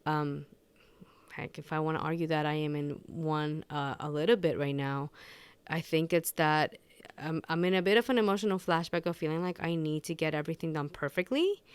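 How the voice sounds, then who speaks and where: A woman's voice: low voice, normal speed, smooth, no room sound. A woman hosting a personal podcast, talking unscripted and candidly, rambling with many restarts. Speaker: podcast host.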